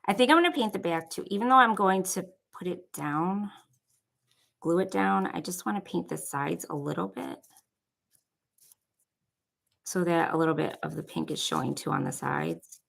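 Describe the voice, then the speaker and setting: Here the Buffalo craft vlogger, a young woman with a Buffalo accent, rambles chattily through a crafting tutorial full of filler "likes." Her lowish, gravelly voice moves at normal speed, broken by long pauses, on a low-quality recording.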